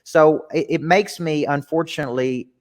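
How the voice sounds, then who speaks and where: A man's voice: on the high side, moderate pace, long reverb tail. A man, talking earnestly and reflectively as a guest coach in a candid interview, often restarting his sentences. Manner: earnest, reflective, repeats words when starting sentences.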